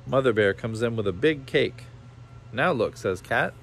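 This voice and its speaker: A man's voice: mid-range voice, normal speed, vocal fry, slight background noise. Man reading a children's storybook aloud.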